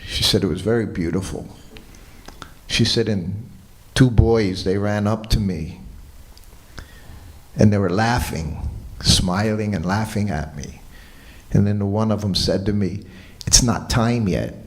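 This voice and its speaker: A man giving a morning lecture at a temple, telling a personal story in a relaxed way and quoting what people said. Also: lowish voice, measured pace, long pauses. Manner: relaxed anecdotal storytelling with quoted dialogue. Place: temple hall.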